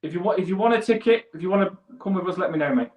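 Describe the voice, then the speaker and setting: A man's voice: high voice, racing. A man hosting a casual fan show chat, rambling and restarting his sentences. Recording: echoey room.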